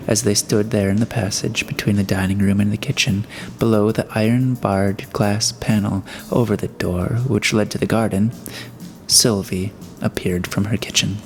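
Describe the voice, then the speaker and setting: A man narrating a classic novel in steady, scripted storytelling. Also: on the low side, moderate pace. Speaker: audiobook narrator.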